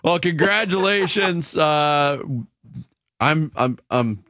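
Lively-voiced man radio host. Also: on the high side, dry recording, studio quality. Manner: animated, chuckling, drawn-out reveals. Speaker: radio sports show host. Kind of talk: casual radio chat.

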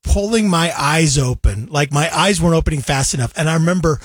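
A man co-hosting a casual chat show, telling stories with animated retelling of his own thoughts. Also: on the high side, a little fast, breathy edge, no room sound. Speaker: co-host.

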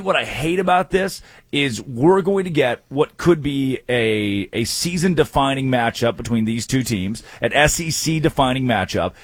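A man hosting a sports talk show, making college football picks with quick wisecracking asides. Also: mid-range voice, slightly rough, dry recording. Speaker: sports radio host.

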